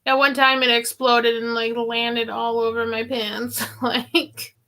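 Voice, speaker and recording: A woman's voice: fairly high pitch, little pitch movement, slow pace, bright, forceful tone. A woman pharmacy worker in a casual live-stream chat, rambling and giggly with many fillers.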